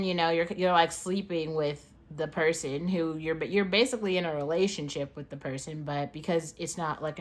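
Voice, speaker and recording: Young woman host with hiccups, low-pitched for a woman, rambling casual delivery heavy on fillers and swearing. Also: fairly bright tone. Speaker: podcast host. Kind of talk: casual monologue.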